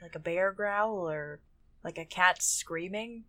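A woman's voice: lowish voice, slow pace, a bit bright, no room sound. A woman co-hosting a podcast, joking and giggling in casual chat. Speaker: podcast co-host.

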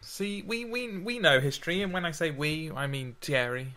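Guy chatting about sonnets, bright voice, keeps restarting and laughing. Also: on the high side, moderate pace. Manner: hesitant, repeats words, laughs often. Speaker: podcast co-host. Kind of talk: casual chat about sonnets.

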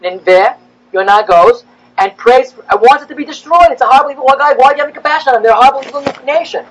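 A man, a rabbi, giving a classroom lecture, animated and rising in pitch as he acts out the prophets' complaints. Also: rapid-fire, rough recording.

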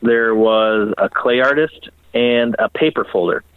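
A man's voice: medium pitch, measured pace, clear, resonant tone, dry recording, phone-quality sound. A man, a bike builder, telling a long story in a casual podcast interview, rambling and swearing as he acts out what people said. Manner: profane, rambling, animated storyteller who acts out quotes.

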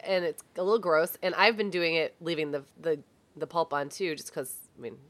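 A woman co-hosting a podcast in casual chat, her voice hoarse and froggy from a cold. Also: low-pitched, a little fast. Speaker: podcast co-host.

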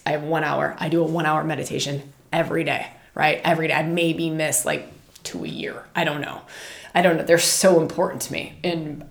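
Low, gravelly woman in an echoey room. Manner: animated, chatty, laughs often, scolds her puppy mid-talk. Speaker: podcast host and meditation teacher. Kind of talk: casual spoken teaching.

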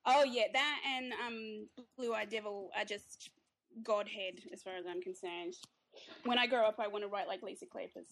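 A woman's voice: medium pitch, moderate pace. An Australian woman, a guest author, chatting casually in an interview, laughing often and restarting her sentences.

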